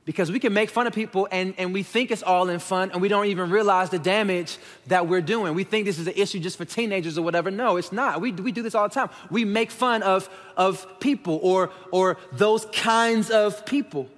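A male pastor with a fairly high voice delivers a frank, talky sermon in a church sanctuary. His voice trails off into a long hall reverb. He speaks to the congregation directly and casually. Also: brisk, hardly any pauses, fairly bright tone. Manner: conversational and candid, addressing the congregation as y'all.

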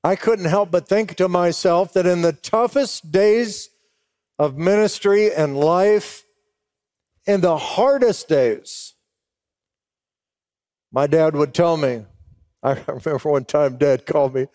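A man's voice: a little high, darkish tone, dry recording, studio quality. A middle-aged man preaching to pastors, telling an emotional story and acting out both sides of remembered talk. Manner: emotional storytelling, slows down for weight. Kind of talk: sermon.

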